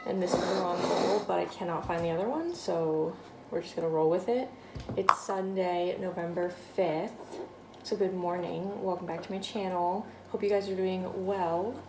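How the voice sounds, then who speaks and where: Excitable young Massachusetts woman. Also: on the low side, normal speed, background noise. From Massachusetts, USA. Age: 20s. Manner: excitable, heavy use of "like", exclamatory. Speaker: vlogger. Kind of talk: casual chat to camera. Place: at home, later in her kitchen.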